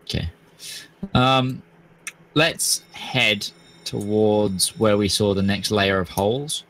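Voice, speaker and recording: A man's voice: on the low side, fairly even intonation, slow, fairly bright tone, low-quality recording. A man playing a tabletop game, asking casual questions of the game master. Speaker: player.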